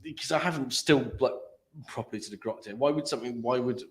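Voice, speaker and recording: A man in a meeting room, chatting casually about tech in a rambling, playful way full of halting restarts. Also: mid-range voice. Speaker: guest, tech industry worker. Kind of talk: casual chat.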